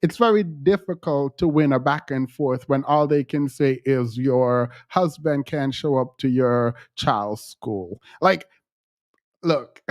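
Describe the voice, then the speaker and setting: A man's voice: fairly high pitch, no echo, clean studio sound. A man hosting casual online commentary, ranting in an exasperated, annoyed way. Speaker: commentary host.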